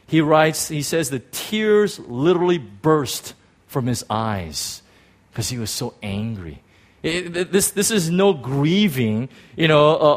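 A man preaches a sermon from the pulpit, rambling and animated. His voice jumps between bright, pushed-up bursts and low, hushed stretches. Now and then he throws in a joke at his own expense. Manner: animated, rambling, self-deprecating humor. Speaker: pastor.

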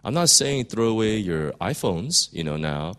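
A man's voice: fairly low pitch, big pitch swings, moderate pace, fairly bright tone. A man preaching a sermon in a conversational way, often repeating words and rising to emphatic peaks. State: voice straining, clearing throat. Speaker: pastor.

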